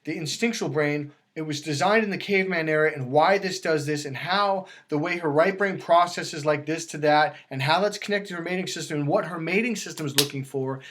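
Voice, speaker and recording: A man talking as a dating coach, emphatic and lively, acting out quoted voices as he explains. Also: fairly high pitch, brisk, few pauses. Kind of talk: animated coaching talk.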